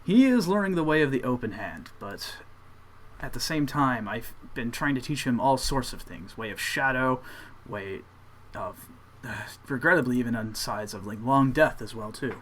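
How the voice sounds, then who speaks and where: A man voicing a tired older male monk trainer who speaks formally and gently. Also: medium pitch, animated, normal speed, slight background noise, lightly acted. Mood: explaining.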